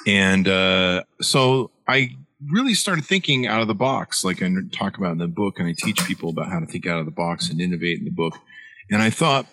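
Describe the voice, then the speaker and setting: A man's voice: sits low, brisk, sharp tone, no room sound. A middle-aged man, an author guest, telling a long story in an interview with many fillers and restarts.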